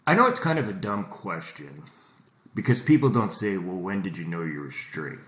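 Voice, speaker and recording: A man's voice: deep voice, sing-song, moderate pace, a bit bright, roomy sound. A man hosting a podcast, posing reflective questions in casual chat. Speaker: podcast host.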